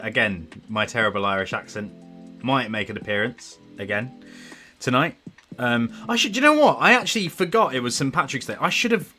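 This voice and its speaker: A man with a low, bright, forceful voice talks casually to his stream audience. He rambles from one thing to the next and pokes fun at himself. Soft guitar music plays faintly behind him. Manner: chatty, rambling and self-deprecating. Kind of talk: casual livestream chat. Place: at home.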